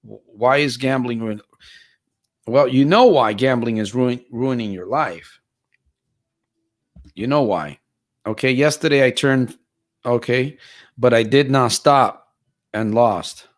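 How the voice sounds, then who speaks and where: A man's voice: medium pitch, a little slow, long pauses. A man from Stockton, California hosting a live-stream Q&A as a motivational life coach, earnest and repetitive, often restarting and repeating his phrases.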